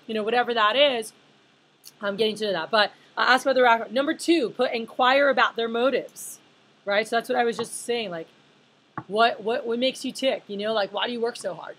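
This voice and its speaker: A woman in her thirties gives a leadership talk at a conference, chatting loosely with lots of fillers and posing questions to the audience. Her voice sits a little high with a fairly bright tone, and she speaks a little fast. The recording is low quality, with slight background noise.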